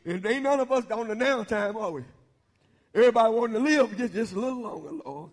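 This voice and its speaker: Man preaching, very high voice for a man, colloquial and animated, church with long reverb. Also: fast talker. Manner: colloquial, animated, teasing the congregation. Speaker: pastor. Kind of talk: sermon. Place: church sanctuary.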